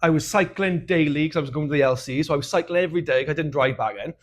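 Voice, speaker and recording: A man's voice: fairly high pitch, rapid-fire. Sweary Welsh man telling stories. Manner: frank, sweary, laughs at his own dark humour. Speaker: podcast co-host. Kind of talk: casual storytelling chat.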